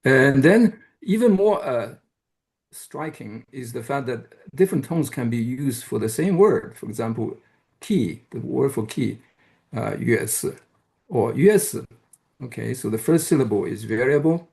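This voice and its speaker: Gravelly-voiced man giving a hesitant lecture. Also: medium pitch, animated, moderate pace, a little mellow. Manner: hesitant, many fillers and restarts. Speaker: guest lecturer. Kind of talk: academic lecture.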